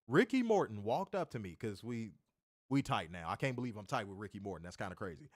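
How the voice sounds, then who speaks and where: A man's voice: fairly low pitch, big pitch swings, fast talker, no room sound, clean studio sound. A man hosting a wrestling show, telling a story in a casual, rambling way. He repeats himself, corrects himself and swears.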